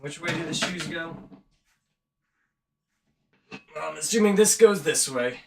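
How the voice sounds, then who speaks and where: A man's voice: fairly high pitch, animated, a little slow, gravelly, a little hiss or hum. A man chatting casually and rambling a bit about haunt acting while setting up an animatronic indoors. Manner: rambling, self-aware. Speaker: vlogger and haunt actor. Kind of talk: casual chat.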